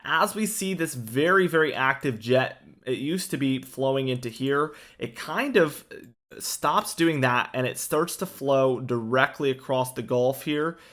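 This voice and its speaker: A man giving a casual weather forecast over maps, relaxed and talkative, with frequent fillers and restarts. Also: mid-range voice, measured pace.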